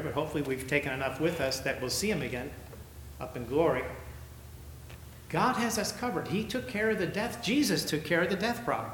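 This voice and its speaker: A man preaching a sermon as pastor, emphatic, his voice climbing high when he reads verses. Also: fairly bright tone, slight background noise. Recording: echoey room with faint ambience.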